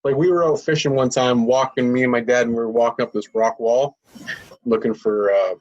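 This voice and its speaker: Man, mid pitch, relaxed storytelling, muffled lo-fi recording, casual podcast guest. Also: brisk. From Canada. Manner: easygoing, anecdotal, occasional swearing. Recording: dull lo-fi sound.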